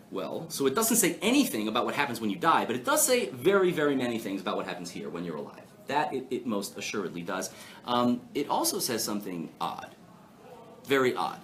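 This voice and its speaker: A man delivering an informal lecture to a live audience, his pitch rising and falling in a very animated way. He jokes often and keeps throwing questions to the room. Faint noise sits under the voice. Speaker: rabbi teaching a weekly class. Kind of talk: lively informal Torah lecture. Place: class before a live audience.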